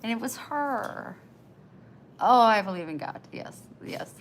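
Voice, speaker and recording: A woman's voice: fairly high pitch, expressive, a little slow, a little hiss or hum, poor audio. A woman livestreaming, chatting with her viewers in a tender, emotional, rambling way. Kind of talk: casual live chat.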